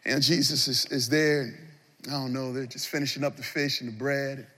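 A man preaching a sermon as pastor of a large church, swinging between loud passionate appeals and hushed moments. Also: medium pitch, steady tone, moderate pace, big-room sound.

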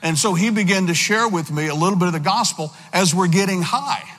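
A man giving a personal testimony in a church, telling his story earnestly with halting restarts. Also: sits high, a bit bright. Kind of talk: sermon testimony. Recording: long hall reverb.

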